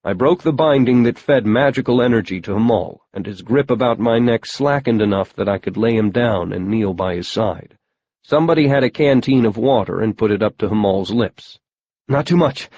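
A man's voice: lowish voice, normal speed, a little mellow, dull audio. A man narrating a first-person audiobook in a wry, matter-of-fact storytelling manner.

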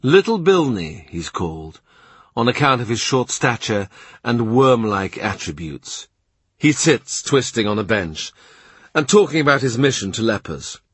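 Audiobook narrator, man: husky, mid-pitched, calm and measured. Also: dry recording. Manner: measured, quiet, present-tense reading. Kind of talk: scripted literary narration.

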